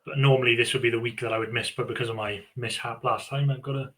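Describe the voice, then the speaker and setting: A man co-hosting a casual podcast over a video call, relaxed and offhand. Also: medium pitch, quick pace. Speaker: podcast co-host.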